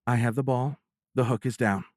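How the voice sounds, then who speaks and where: A man's voice: mid-range voice, fairly even intonation, normal speed, darkish tone, no room sound, clean studio sound, voice pushed up, natural voice. A man voicing a playful, teasing woman pilot. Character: adult woman, fiercely independent playful fighter pilot. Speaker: audiobook narrator voicing a character. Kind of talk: audiobook character voicing.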